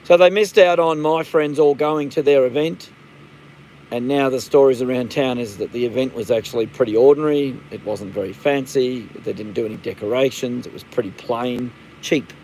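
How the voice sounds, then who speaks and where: A man's voice: medium pitch, fairly quick, darkish tone, slight background noise, poor audio. Aussie bloke in his 50s, rambling live chat, swears a lot, says it straight. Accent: Australian. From Australia. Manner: rambling, blunt, swears freely. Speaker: livestream host. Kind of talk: casual live-stream chat.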